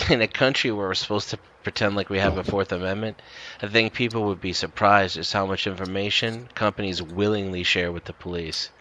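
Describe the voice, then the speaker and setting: A man's voice: fairly low pitch, fairly even intonation, moderate pace, pushed and bright. A man in a casual panel discussion, curious and asking pointed follow-up questions.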